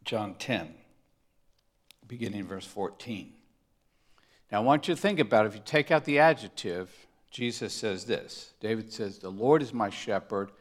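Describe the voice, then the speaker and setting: A man preaching a sermon, emphatic, moving between loud stresses and hushed asides, often asking his listeners rhetorical questions. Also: fairly low pitch, expressive, normal speed. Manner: asks the congregation rhetorical questions. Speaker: pastor.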